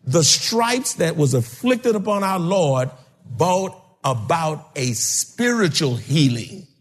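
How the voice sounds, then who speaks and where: A man preaching a sermon, calling out to his congregation and rising to shouts. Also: on the high side, very animated, slow, breathy edge. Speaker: pastor. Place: church sanctuary. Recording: long hall reverb.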